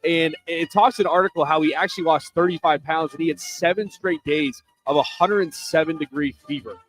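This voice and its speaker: A man co-hosting sports radio, telling a sports news story in a steady, earnest way. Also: on the high side, brisk, soft background music, rough recording. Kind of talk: reading sports news segment.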